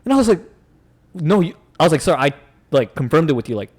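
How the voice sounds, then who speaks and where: A young man telling a story on a casual podcast, talking quickly with a slightly high voice. His pitch swings a lot as he acts out the customers and managers. He laughs often while he talks. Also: big pitch swings, husky. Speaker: podcast co-host.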